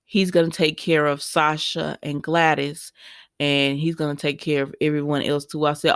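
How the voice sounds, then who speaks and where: A woman talks through a soap episode in a chatty, emotional way and calls her viewers "y'all." Her voice sits a little low. She is recorded close up with no room sound. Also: normal speed, fairly bright tone, no room sound. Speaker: soap opera recap host. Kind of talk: casual spoken recap.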